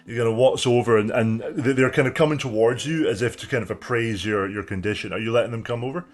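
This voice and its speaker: A man narrating as game master of a tabletop game, in a relaxed, descriptive way. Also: mid-range voice, quick pace, few pauses, soft background music.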